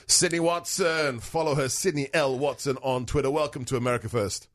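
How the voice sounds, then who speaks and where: A man's voice: medium pitch, fairly even intonation, normal speed, fairly bright tone, no echo. British-accented radio host guy, teasing and jokey, dry close studio sound. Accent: British-educated. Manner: joking, teasing, banter-heavy. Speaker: radio talk show host. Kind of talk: talk radio interview. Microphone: studio mic.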